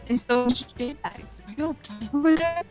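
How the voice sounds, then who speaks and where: A woman's voice: sits high, lively intonation, moderate pace, over loud music. A woman chatting playfully and teasing her friends while playing a game together online. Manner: playful, teasing, swears freely. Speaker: let's-player. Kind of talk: casual chat over a game.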